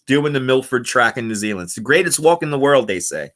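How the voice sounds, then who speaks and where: Bright-voiced New man chatting live. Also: medium pitch, animated, fast talker. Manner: chatty and playful, laughs often. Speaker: livestreamer. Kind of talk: casual live chat reading comments. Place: indoors at home. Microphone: wireless clip-on mic.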